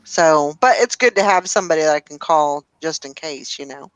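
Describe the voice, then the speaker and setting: A woman hosting a casual morning chat, rambling and self-deprecating as she talks. Her voice sits a little low for a woman. The sound is dry and close, with no room around it. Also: normal speed, no room sound. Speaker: host.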